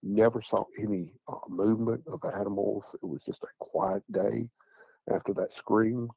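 Gravelly low Southern man telling a story. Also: steady tone, moderate pace, no room sound. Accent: Southern American. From Tennessee, USA. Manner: rambling, repeats "I said" and "he said". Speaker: guest recounting encounters. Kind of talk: casual storytelling. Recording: dull, dry lo-fi audio.

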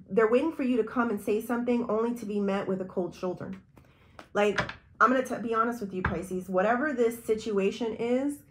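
Chatty woman giving a tarot reading. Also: medium pitch. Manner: rambling, intuitive, addresses viewer directly. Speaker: tarot reader.

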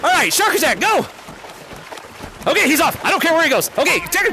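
A young man hosting a VR game lobby, shouting energetic play-by-play calls, repeating himself and laughing as he plays. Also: extremely high pitch, a little fast, vocal fry, a little hiss or hum. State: sweaty. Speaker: VR game streamer hosting fan lobbies. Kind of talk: excited live gameplay commentary. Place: indoors, playing in VR.

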